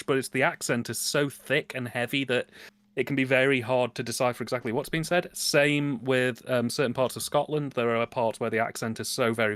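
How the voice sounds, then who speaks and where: A man's voice: medium pitch, dry recording. A man from England with a British accent, chatting casually on a livestream with playful, mock-pompous wordplay. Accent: British English. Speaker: guest co-host.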